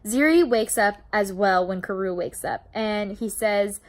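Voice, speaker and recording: A woman's voice: mid-range voice, measured pace. A young woman casually recapping a novel for her book channel, chatty and openly emotional, swearing now and then. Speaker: book vlogger.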